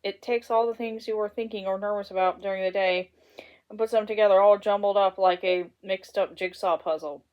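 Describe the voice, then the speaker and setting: A woman voicing a gentle mother bear who soothes and explains patiently, in a storybook read-aloud. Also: medium pitch, steady tone, fairly quick, muffled recording, lightly acted. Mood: soothing.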